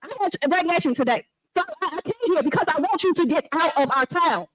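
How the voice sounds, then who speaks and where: A woman's voice: very high-pitched, animated, brisk, a little hiss or hum, low-quality recording. A woman resident making a fiery, accusatory public comment at a meeting, speaking close on the microphone while ill and anxious. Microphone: meeting hall microphone held close.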